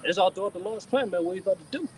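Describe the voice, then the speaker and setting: A man in a casual scripture discussion, animated, constantly dropping "man" and "you know". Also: high voice, racing, recorded from a distance, low-quality recording. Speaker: discussion participant.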